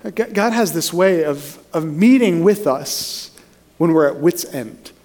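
High-voiced male pastor preaching. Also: animated, a little slow, darkish tone. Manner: storytelling, acts out quoted voices with rising pitch. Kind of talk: sermon.

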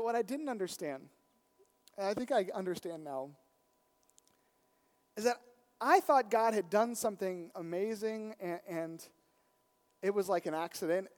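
A man preaching a storytelling sermon, his voice swinging from hushed and quiet to loud and emphatic. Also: sits high.

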